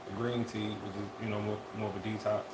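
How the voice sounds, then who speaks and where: A man co-hosting a casual live-stream chat, talking in a relaxed, drawn-out way and often repeating his phrases. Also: lowish voice, very noisy. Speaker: podcast co-host. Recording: echoey room with faint ambience.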